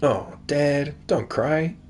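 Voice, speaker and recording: A man's voice: on the high side, drawn-out words, music in the background, pitched above the performer's own voice. A man voicing an enthusiastic, chatty teenage daughter in a dating-sim game read-through, in a plain voice close to his own. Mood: eager. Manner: eager, chatty.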